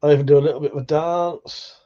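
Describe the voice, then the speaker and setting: A man's voice: on the high side, steady tone, fast, mellow, lo-fi sound. A man hosting a casual livestream chat, rambling, swearing freely and laughing often. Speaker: livestream host.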